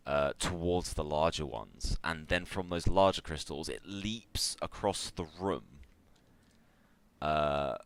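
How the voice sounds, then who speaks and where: A man narrating a tabletop game as game master, talking in a relaxed, loose way with many fillers. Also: very deep voice, slow pace, a little hiss or hum.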